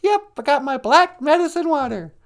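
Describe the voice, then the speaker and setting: A man putting on a squeaky falsetto sidekick. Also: animated, moderate pace. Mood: easygoing. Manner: short, easygoing replies. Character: squeaky-voiced male sidekick named Paul, agreeable.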